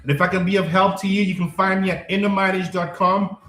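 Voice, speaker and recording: Man with a high voice doing a live coaching stream, keeps repeating himself, echoey room, soft music behind. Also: flat delivery, fast. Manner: emphatic, repetitive, checks in with listeners. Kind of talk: live stream talk answering chat.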